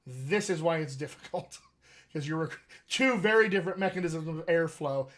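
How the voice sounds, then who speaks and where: A man's voice: fairly high pitch, normal speed, a bit bright. A man hosting a live accent Q&A as a dialect coach, teaching with emphatic enthusiasm. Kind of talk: live Q&A session.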